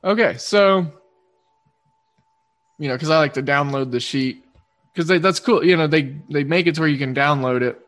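This man speaks with an Oklahoma twang as he hosts a sports betting podcast, rambling in a quick-fire, casual monologue and often correcting himself. His voice sits fairly high in pitch with a fairly bright tone.

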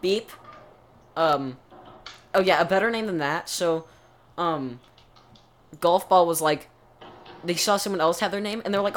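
A man's voice: fairly high pitch, moderate pace, long pauses. A man co-hosting a podcast, chatting casually and rambling through explanations with many restarts. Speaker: podcast co-host. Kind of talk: casual chat.

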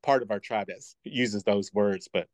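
A man's voice: lowish voice, no echo. Man, casual podcast chat, thoughtful, restarts, dry mic. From southeastern Oklahoma. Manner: thoughtful, explains slowly with restarts. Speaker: podcast co-host. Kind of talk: casual discussion.

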